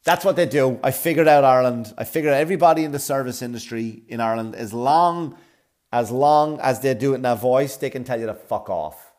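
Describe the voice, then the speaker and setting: A man's voice: mid-range voice, a little fast. Profane, rambling man telling a story. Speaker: comedian. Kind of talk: storytelling comedy rant.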